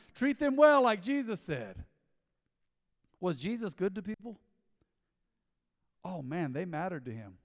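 Storytelling pastor in a reverberant hall. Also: male voice, on the high side. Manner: storytelling, animated, acts out dialogue. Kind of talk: sermon.

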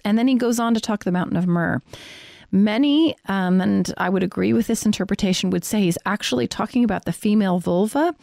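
Frank woman therapist with gravelly voice. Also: medium pitch, darkish tone, no echo, studio quality. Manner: frank, explicit, explanatory. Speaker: sex therapist. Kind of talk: faith-based teaching on sexuality.

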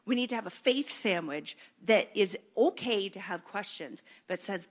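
A woman preaching a sermon, animated and conversational, acting out prayers and questions to God. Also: mid-range voice, moderate pace, few pauses. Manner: animated, acts out prayers and voices in quotes.

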